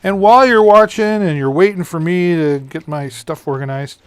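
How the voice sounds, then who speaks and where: A man hosting a casual live-stream where he pitches deals, talking in a chatty, folksy way with plenty of fillers and restarts. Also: moderate pace, slight background noise. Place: home streaming setup. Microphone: studio microphone on a mixer.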